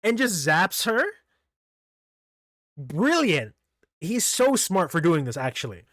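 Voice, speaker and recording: A man's voice: sits high, very animated, slow, fairly bright tone, dry recording, studio quality. A man casually recapping comic chapters for his channel, rambling with lots of fillers and restarts. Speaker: manga review channel host.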